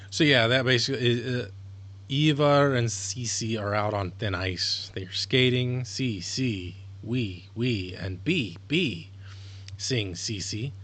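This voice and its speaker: Slow, tired man streaming casually. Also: mid-range voice, a bit bright. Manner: rambling, swears freely. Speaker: streamer learning a language. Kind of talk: casual live-stream talk.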